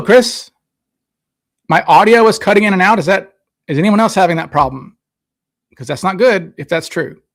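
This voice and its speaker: A man with a high voice and vocal fry hosts a live stream, chatting casually and rambling as he reads viewers' comments aloud and answers them. He speaks into a desk microphone that he sometimes gets too close to.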